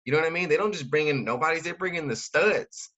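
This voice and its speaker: A man coaching in a loose, slangy way, talking fast and stuffing every sentence with fillers. His voice is bright and pushed forward. The recording sounds dull and a little lo-fi. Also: fairly high pitch. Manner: slangy, filler-heavy, keeps asking "right?". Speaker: network marketing recruiter. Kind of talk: casual coaching talk.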